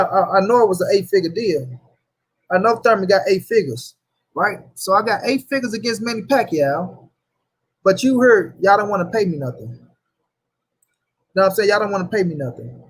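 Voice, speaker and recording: Husky heated man ranting about boxing. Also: high-pitched, low-quality recording. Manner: heated, profane, repeats points, addresses chat. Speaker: boxing commentary host. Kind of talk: livestream rant reading chat.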